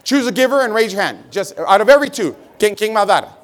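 A man leading a live motivational seminar at a sales convention, energetically shouting directions to the crowd. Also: sits high, lively intonation, fast talker. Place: large convention hall with a crowd. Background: crowd of hundreds.

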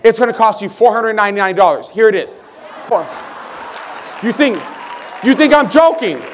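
High-pitched man hyping a convention crowd. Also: moderate pace, slight background noise. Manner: energetic, shouting crowd directions. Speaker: motivational speaker at a sales convention. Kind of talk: live motivational seminar. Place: large convention hall with a crowd. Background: crowd of hundreds.

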